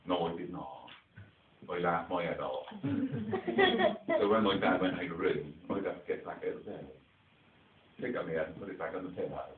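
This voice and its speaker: A man's voice: low-pitched, brisk, background noise. Playful storyteller man with a rural English dialect. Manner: chatty, playful, quizzes the children. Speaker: children's theatre performer. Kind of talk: storytelling to a young audience. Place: children's theatre show. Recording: distant echoey phone-like recording.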